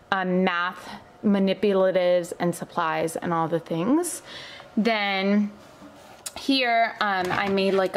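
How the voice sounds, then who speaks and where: A young woman chats her way through a room tour at home, sounding a touch out of breath. She fills her sentences with ums and likes and gushes about what she bought. Her voice sits at a middling pitch over a faint hum of room ambience. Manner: chatty, filler-heavy, enthusiastic about products. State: slightly out of breath. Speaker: homeschooling mom vlogger.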